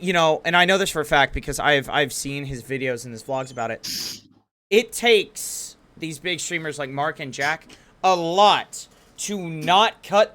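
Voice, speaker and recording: A man's voice: on the high side, fairly bright tone. A man speaking animatedly as a podcast guest, stumbling over his words as he goes. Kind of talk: casual podcast chat.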